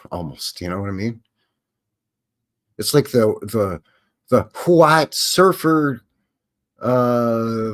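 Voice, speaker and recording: A man from Canada, hosting a live stream in a rambling chat that acts out quoted voices and answers viewers. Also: lowish voice. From Western Canada. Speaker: livestream host.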